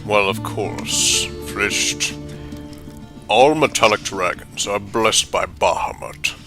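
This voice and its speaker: Ancient silver dragon, man doing the voice, kind, measured, solemn, low. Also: pushed and bright, faint music behind, heavily acted.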